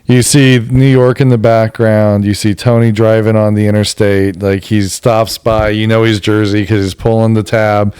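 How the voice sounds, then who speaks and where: A man's voice: on the low side, flat delivery, normal speed, hardly any pauses, a little mellow, clean tone, no echo. A man co-hosting a podcast, chatting casually, joking and swearing freely. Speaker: podcast co-host. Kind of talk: casual chat.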